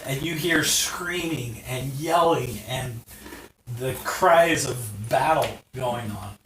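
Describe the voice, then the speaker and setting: A game master narrating a tabletop game in an unhurried way with frequent "um"s, heard in a noisy live stream. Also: medium pitch, echoey room, far from the mic.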